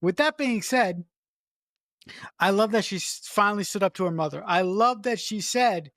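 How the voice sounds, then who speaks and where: A podcast co-host in casual film-review chat, gushing and emphatic, with quick repeated restarts. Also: medium pitch, expressive, fairly bright tone, no echo, clean studio sound.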